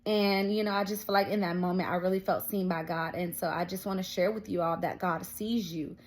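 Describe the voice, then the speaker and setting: A woman's voice: fairly low pitch, fairly even intonation, brisk. A young woman vlogger telling a personal faith story in a casual, chatty way, full of fillers and quoted dialogue. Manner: storytelling with many fillers, quoting others. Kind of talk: casual testimony and encouragement.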